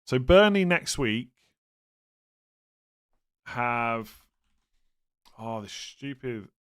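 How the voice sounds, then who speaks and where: Young male streamer, mid-range voice, relaxed chat-reading delivery with self-deprecating jokes. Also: medium pitch, very slow, smooth. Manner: thinks aloud, reads chat, self-mocking humor. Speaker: streamer answering viewer questions. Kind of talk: casual live stream chat.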